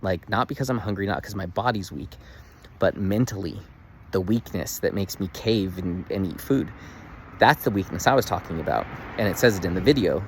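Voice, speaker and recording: Guy talking straight to camera for his daily vlog, kinda low voice, earnest, lots of likes, faint hum behind. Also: a little fast. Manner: earnest, animated storytelling with many "like" fillers. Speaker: vlogger. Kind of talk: casual daily video diary.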